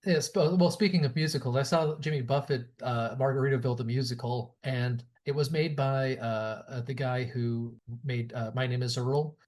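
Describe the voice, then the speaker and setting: A man's voice: medium pitch, fairly even intonation, moderate pace, hardly any pauses, darkish tone. Rambling male podcast co-host. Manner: rambling, stumbling restarts. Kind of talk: casual movie chat.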